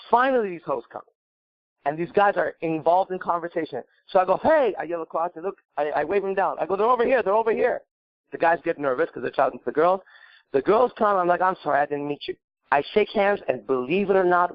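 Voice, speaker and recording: A man co-hosting a call-in podcast, telling a profane, animated story and giving dating advice. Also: on the high side, no echo, dull audio.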